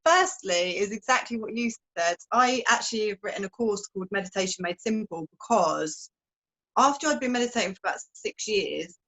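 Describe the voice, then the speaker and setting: A woman's voice: mid-range voice, fairly quick, fairly bright tone, poor audio. A woman guest on a podcast, talking frankly and chattily about meditation, with some swearing and playful images. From fishing village. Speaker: meditation teacher and wellbeing guest. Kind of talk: casual podcast chat.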